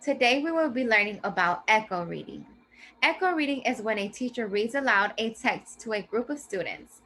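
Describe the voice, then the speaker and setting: A woman teacher presents a reading lesson, spelling each step out clearly and patiently. Her voice is bright and pitched a little high. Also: expressive. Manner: slow, clear teacherly explanation. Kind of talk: scripted classroom presentation.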